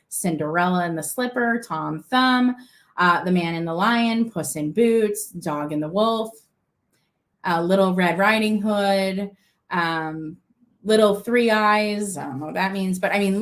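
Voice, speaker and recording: A young woman from Minnesota hosting a live-stream vintage auction, chatty and gushing, with lots of fillers and asides. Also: mid-range voice.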